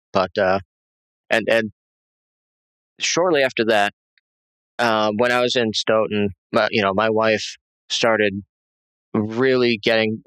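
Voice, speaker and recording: A man giving a halting, rambling personal testimony as an interview guest, full of fillers and restarts. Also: lowish voice, fairly bright tone, smooth, no echo, rough recording.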